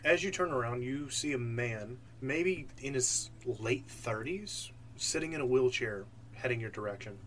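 A man narrating a tabletop game as game master, with a relaxed, filler-heavy delivery. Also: mid-range voice, unhurried, hardly any pauses, a little hiss or hum.

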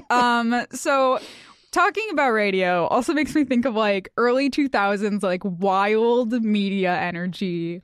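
A woman's voice: a little high, a little slow, clear, resonant tone, no room sound. A young adult woman hosting a podcast in casual chat, giggly and rambling with lots of "like," on a studio mic. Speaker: podcast host.

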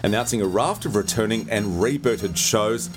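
Australian man, podcast host, lowish pitch, gushing and upbeat, music underneath. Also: normal speed. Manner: enthusiastic, gushing, says "bloody". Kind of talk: casual podcast chat.

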